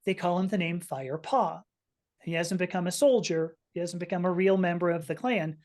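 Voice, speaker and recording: A woman's voice: on the low side, normal speed, darkish tone. A woman in her fifties, a podcast guest, telling a personal story earnestly and with feeling, often restarting her sentences. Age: 50s. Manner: earnest, emotional, frequent restarts.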